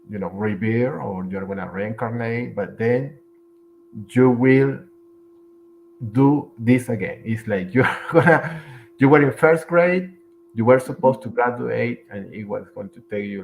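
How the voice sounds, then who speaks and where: Gravelly man, halting interviewer. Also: mid-range voice, slight background noise, poor audio. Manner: halting, repeats himself, searching for words. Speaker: interview host. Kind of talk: casual interview.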